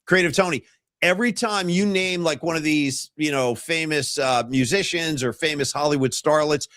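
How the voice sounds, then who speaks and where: Lively fifty-something male podcast host. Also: fairly high pitch, moderate pace, dry recording, studio quality. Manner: animated storyteller, mimics guests. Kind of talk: casual sports talk chat.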